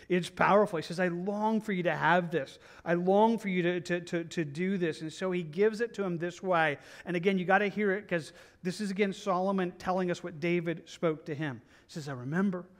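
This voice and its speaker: A man with a slightly high voice preaches through a Bible passage. He talks in an earnest, conversational way, restarting and repeating phrases as he pleads with his listeners. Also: moderate pace. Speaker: pastor. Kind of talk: verse-by-verse Bible teaching.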